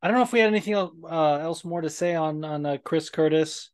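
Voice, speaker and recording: A man's voice: fairly high pitch, fast, smooth. A man hosting a podcast in casual chat, rambling and profane, with lots of fillers and restarts. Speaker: podcast host.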